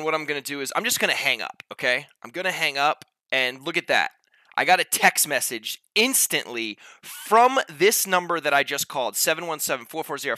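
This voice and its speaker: Guy doing a quick software demo, super bright tense voice, kinda high, dry close sound. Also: no echo. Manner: upbeat, talks the viewer through steps with frequent "okay?" check-ins. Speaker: company representative demoing software. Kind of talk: casual screen-share product demo.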